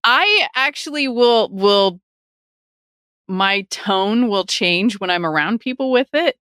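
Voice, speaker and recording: A woman's voice: medium pitch, animated, takes it slowly, fairly bright tone, clear, resonant tone, no echo, studio quality. A woman co-hosting a casual podcast, talking in a rambling way with restarts. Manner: rambling, with frequent restarts and laughs. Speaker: podcast co-host.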